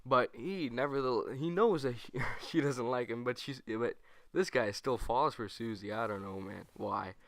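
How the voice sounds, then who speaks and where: A man's voice: mid-range voice, no echo. Rambling young man telling a story. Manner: rambling, animated, self-correcting, with quick put-on quotes. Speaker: gaming channel host. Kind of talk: casual storytime over gameplay.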